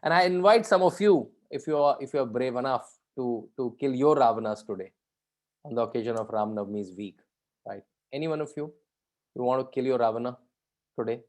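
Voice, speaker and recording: A man's voice: medium pitch, a little fast, darkish tone. Man leading an interactive session. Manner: conversational, asks the audience questions, keeps adding "right?". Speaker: guest speaker leading a session. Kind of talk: interactive talk to students.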